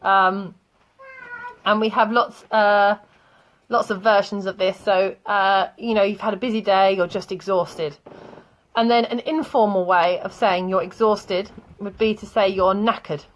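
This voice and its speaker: A woman's voice: medium pitch, fairly even intonation, a little slow. A woman, teaching vocabulary in a chatty way, often laughing and telling anecdotes. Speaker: English teacher. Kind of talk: online English vocabulary lesson.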